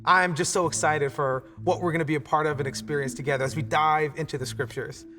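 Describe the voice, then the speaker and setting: A man's voice: on the high side, fairly even intonation, quick pace, pushed and bright. A man in his thirties, a pastor, telling a family story in a conversational online church sermon with frequent restarts. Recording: long hall reverb with music behind.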